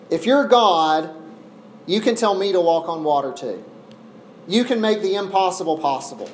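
A man preaching an expository sermon, earnest, slowing down and pausing to press each point. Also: high voice, darkish tone. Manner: earnest, with deliberate slow pauses for emphasis. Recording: echoey room with faint ambient noise.

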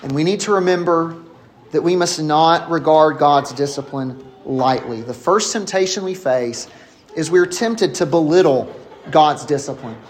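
A man with a high-pitched voice delivers an expository sermon. He preaches emphatically and slows down to stress the key phrases. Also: a little hiss or hum.

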